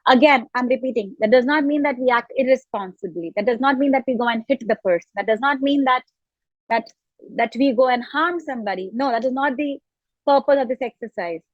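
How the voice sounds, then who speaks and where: A woman coach speaks in a high, earnest voice and often circles back over her phrases. Her sound is dull and lo-fi, with a very dry, close quality. It feels like a remote interview line. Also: fairly quick, no room sound. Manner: earnest, repeats phrases as she explains. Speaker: self-love coach, guest. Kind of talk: reflective coaching talk.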